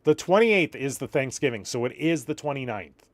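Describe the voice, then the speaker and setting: A man's voice: mid-range voice, expressive, moderate pace. A man from Canada, rambling through a casual live stream, reacting to viewer chat and a little tired.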